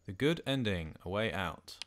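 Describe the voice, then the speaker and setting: A middle-aged man jokes and swears to himself as a let's play host, giving casual commentary on his game. He speaks at a moderate pace in a fairly low, expressive voice, over game music and a noisy background.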